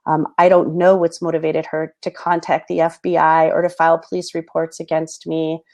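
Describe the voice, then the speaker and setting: A woman host in her thirties speaking earnestly and haltingly with many fillers, close to tears. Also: low-pitched, monotone, a little mellow. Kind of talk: personal talk to camera.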